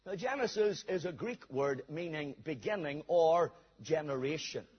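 A man's voice: on the high side, animated, moderate pace, husky. A man preaching a sermon, reading scripture aloud and telling a story to his listeners. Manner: reads scripture aloud then tells a story. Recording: dull recording in a hall with long reverb.

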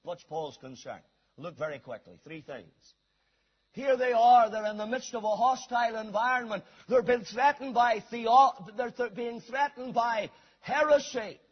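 A man delivers a sermon in a very high, husky voice. He swings from ringing shouts down to hushed, low asides. The recording sounds dull and lo-fi. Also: unhurried. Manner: emphatic preaching, swings from loud shouts to low quiet asides. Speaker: preacher.

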